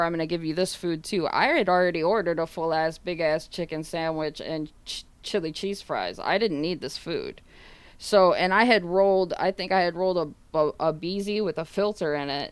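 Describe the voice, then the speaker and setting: Low, smooth-voiced woman rambling a story. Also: no echo. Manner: rambling, full of fillers and casual swearing; retells others' words in quoted dialogue. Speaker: streamer. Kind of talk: casual storytelling to viewers.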